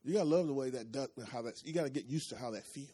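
A man's voice: medium pitch, very fast, dark tone, slightly rough. A man preaching, repeating phrases and asking the congregation for responses as his intensity rises and falls. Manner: repetitive, call-and-response preaching with rising and falling intensity. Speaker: pastor. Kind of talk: sermon.

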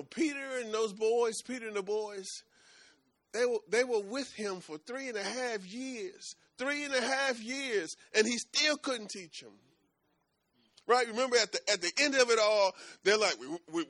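Animated high-voiced man preaching. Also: dry recording. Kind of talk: sermon.

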